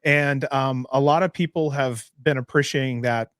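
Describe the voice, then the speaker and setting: A man's voice: medium pitch, fairly even intonation, moderate pace, clean tone, no room sound, studio quality. A man chatting on a podcast, asking long rambling questions and laughing easily. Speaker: podcast guest. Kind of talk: casual podcast chat.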